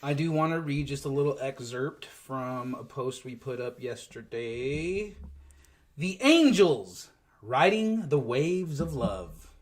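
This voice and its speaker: A co-host of a spiritual gathering who jokes and giggles in chat, then reads a message aloud in a soft, measured way. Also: mid-range voice, very animated.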